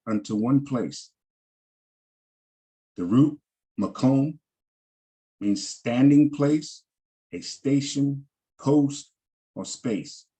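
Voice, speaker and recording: A man teaching a language class, slowly repeating each word and its pronunciation and checking in with "all right" as he goes. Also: mid-range voice, warm tone, husky. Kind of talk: slow vocabulary lesson over shared screen.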